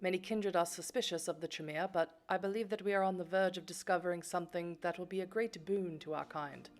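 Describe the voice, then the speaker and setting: A woman's voice: deep voice, fairly quick, darkish tone, lightly acted. Woman doing a grave British vampire scholar. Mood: earnest. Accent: put-on British. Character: reserved, serious male vampire scholar.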